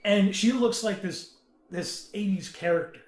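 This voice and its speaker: Male podcast panelist, high voice, earnest and halting, in a roomy echoey room. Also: a little mellow. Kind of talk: casual podcast chat. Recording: roomy echo.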